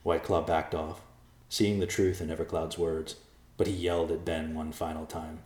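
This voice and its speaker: A man narrating a storybook in a calm, measured way. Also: a bass voice. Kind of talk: storybook reading. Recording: echoey room.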